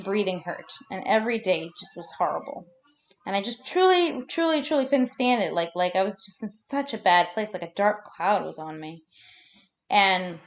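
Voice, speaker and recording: A woman in her thirties telling personal stories to camera in a chatty, rambling way, laughing as she goes. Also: medium pitch. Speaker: vlogger. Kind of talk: casual personal storytelling.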